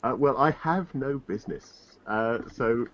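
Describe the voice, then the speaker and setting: A man's voice: mid-range voice, measured pace. A man player at a tabletop game, joking and laughing at his own quips. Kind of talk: casual chat at a game table. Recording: dull lo-fi, faint noise.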